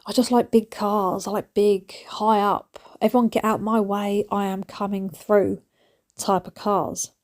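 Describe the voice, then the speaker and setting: A woman's voice: mid-range voice, little pitch movement, a little slow, a little mellow. A woman, chatting casually and rambling through a home vlog with laughing asides. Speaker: vlogger. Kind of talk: casual chat.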